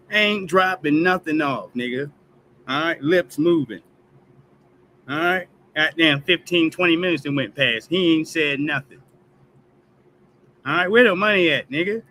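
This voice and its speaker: Casting note: male stream host, bright forceful tone, pitched a bit high, keeps punching lines with "all right?". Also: unhurried, long pauses, a little hiss or hum, low-quality recording. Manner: emphatic, repetitive "all right?" tags, heated and profane. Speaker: host of a news commentary stream. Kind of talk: casual commentary rant.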